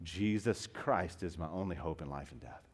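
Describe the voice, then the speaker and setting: A low-pitched man with a breathy edge preaches a sermon at a moderate pace as pastor. He calls the congregation beloved and dear friends while his impassioned delivery shifts from hushed to loudly emphatic.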